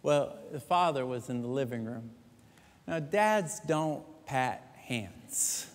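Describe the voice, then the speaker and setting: A man preaching a sermon as pastor, telling stories lively and joking with the congregation. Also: mid-range voice, slow pace. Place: large church sanctuary. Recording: echoey church hall.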